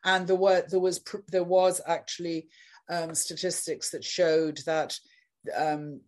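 Older woman reminiscing, low voice. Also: level tone. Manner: deliberate, reminiscing, searches for words. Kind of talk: casual chat.

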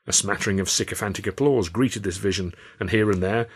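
A man's voice: low voice, fairly even intonation, brisk, hardly any pauses, slightly rough. A man, the author, reads his novel aloud in a dry, wry storytelling manner. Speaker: author and reader. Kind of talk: audiobook narration.

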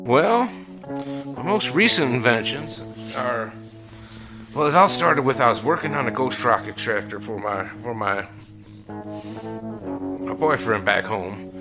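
A man's voice: mid-range voice, big pitch swings, takes it slowly, pauses often, music in the background. A man playing a tabletop role-playing game, speaking in character in a casual, folksy way with frequent restarts. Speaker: player.

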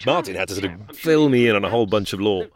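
A man's voice: on the low side, expressive, quick pace. A man and voice actor, reminiscing enthusiastically in casual chat. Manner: enthusiastic, effusive.

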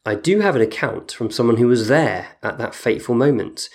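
A man's voice: mid-range voice, lively intonation, brisk. A man hosting a football podcast, reading listener emails aloud and adding dry asides in casual chat.

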